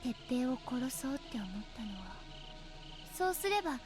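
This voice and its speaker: A voice actress playing an eerily calm teenage girl in a game, speaking softly and sometimes dropping to a whisper. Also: sits high, quick pace, soft background music. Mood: eerie calm. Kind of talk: Japanese game voice acting.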